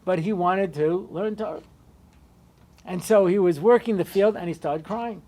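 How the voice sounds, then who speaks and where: A male rabbi giving a storytelling Torah lecture, conversational with lots of asides. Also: moderate pace. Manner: conversational, many asides and "you know"s; animated, shifting pitch and loudness.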